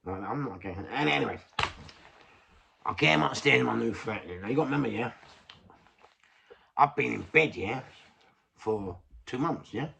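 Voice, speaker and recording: Older London man, gravelly and bright, casual streetwise storyteller, faint hiss. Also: mid-range voice, lively intonation, normal speed, pauses often. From England. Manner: rambling, streetwise, swears, laughs at his own story. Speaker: vlogger.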